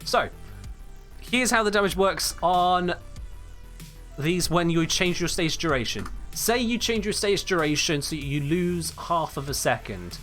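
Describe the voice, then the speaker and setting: A man's voice: on the high side, animated, unhurried, a bit bright, faint music behind. A young man explaining game mechanics on a live stream, emphatic and blunt when he answers chat.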